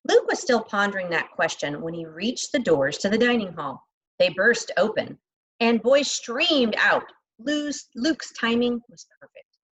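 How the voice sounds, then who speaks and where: A woman reading a children's novel aloud, expressive, lightly voicing the characters and adding chatty asides to the listener. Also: medium pitch, dull audio.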